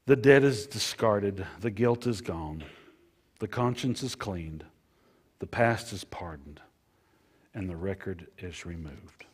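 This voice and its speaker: A man preaching a sermon as pastor, repeating phrases and swinging between loud emphasis and hushed lines. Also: low-pitched, expressive, takes it slowly, husky.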